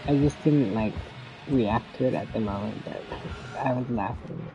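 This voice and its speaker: Chatty guy rambling thru a game stream, laughs a lot, mid pitch, game music playing behind. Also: normal speed, dull audio. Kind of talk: casual gameplay commentary.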